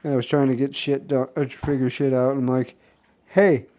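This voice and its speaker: Man rambling through his day, mellow tone. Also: medium pitch, level tone, quick pace. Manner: rambling, restarts often, filler-heavy storytelling. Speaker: vlogger. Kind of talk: casual rambling daily vlog recap.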